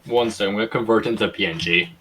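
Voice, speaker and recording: Swearing, rambling British podcast host. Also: male voice, lowish voice, fast, pushed and bright, slightly rough. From Britain. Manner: rambling, swears, laughs easily. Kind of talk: casual chat over a voice call.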